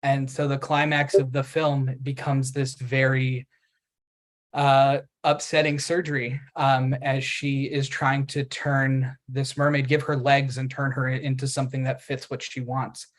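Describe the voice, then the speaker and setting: A man pitching his screenplay to a panel at a festival event. He tells it as a vivid story and lends each character's quoted lines a touch of acting. His voice sits at an ordinary middle pitch. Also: level tone, a little slow.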